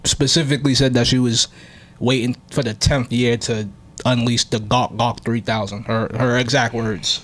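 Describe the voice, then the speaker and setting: A man co-hosting a podcast in relaxed, slangy chat, often answering in short agreeing words. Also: medium pitch, normal speed, a little hiss or hum. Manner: laid-back, short agreeing replies, slangy. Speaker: podcast co-host. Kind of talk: casual chat.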